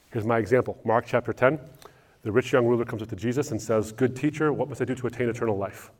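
A male pastor answering audience questions in a sermon, telling lively stories with frequent restarts. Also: fairly low pitch. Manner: animated storytelling with frequent restarts.

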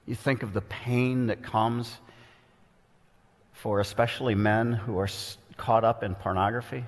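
A man's voice: steady tone, measured pace. A man preaching a sermon with earnest, pointed delivery, reading scripture and explaining it verse by verse. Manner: earnest, pointed, dramatic shifts in pitch for quoted voices. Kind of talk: expository sermon. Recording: long reverb of a large hall.

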